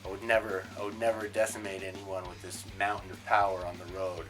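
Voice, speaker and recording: A man's voice: deep voice, level tone, brisk, hardly any pauses, over loud music. A young man from a band giving a casual tour of his home and backyard, offhand and swearing a lot. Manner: profane, jokey and offhand. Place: home, indoors then backyard.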